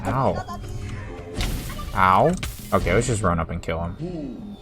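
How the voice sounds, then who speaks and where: A man narrating a survival game run in a casual recap voice, breaking into excited live reactions. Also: on the low side, slow pace, music in the background. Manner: upbeat recap narration broken by excited outbursts. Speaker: gaming video creator.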